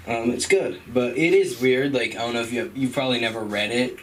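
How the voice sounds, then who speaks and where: A stand-up comedian with a mid-range voice talks briskly on a comedy club stage at an open mic, casual and rambling and laughing at his own jokes. A distant mic picks him up along with background noise.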